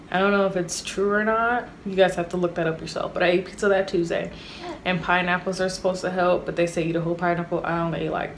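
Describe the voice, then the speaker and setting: Chatty young woman with a low voice. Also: a little hiss or hum. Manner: chatty, animated, talks straight to viewers. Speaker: vlogger. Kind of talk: casual storytime monologue.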